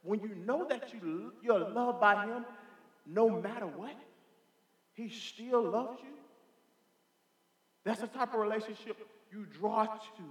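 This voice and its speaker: A man's voice: sits high, slow pace, pauses often. A man preaching a sermon in a church sanctuary, fervent and emphatic, calling out hallelujah and amen. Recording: reverberant church hall.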